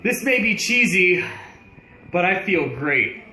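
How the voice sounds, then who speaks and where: A man's voice: high-pitched, sing-song, slow pace, pushed and bright, slight background noise. A man sneezing and tearing up between exclamations while vlogging at home. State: sneezing, teary-eyed. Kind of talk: casual home vlog. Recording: echoey room.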